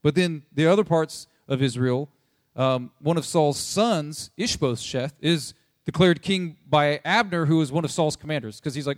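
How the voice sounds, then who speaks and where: A young man with a slightly high voice retells a sermon story in a loose, slangy way. He keeps breaking into quick voices for the people in it. The sound is dry and close, with no room around it. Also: dry recording. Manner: animated, slangy, jumps into voices for quoted people. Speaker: preacher.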